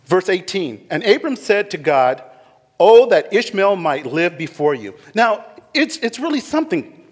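High pitched pastor guy preaching, swoops all over, echoey church hall. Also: a little slow. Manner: animated preaching, voices biblical figures, laughs. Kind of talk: sermon.

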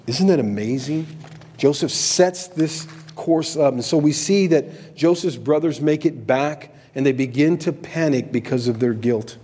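Middle-aged pastor preaching in a reverberant hall. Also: male voice, measured pace, mellow, breathy edge. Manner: conversational, acts out quoted voices with big pitch jumps. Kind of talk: sermon with scripture reading. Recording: long reverb of a large hall.

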